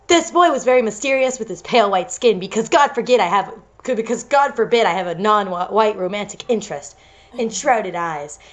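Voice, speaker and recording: A woman's voice: medium pitch, animated, a little slow, pauses often. A young woman reading amateur fiction aloud for laughs, stumbling over words and breaking into giggles. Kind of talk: comedic read-aloud of fan-style fiction.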